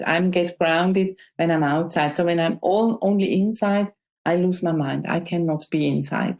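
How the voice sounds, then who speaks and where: Woman guest talking things through slowly, restarts a lot, roomy echo on her voice. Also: medium pitch, a little mellow. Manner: reflective, with frequent restarts and non-native phrasing. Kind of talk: conversational interview.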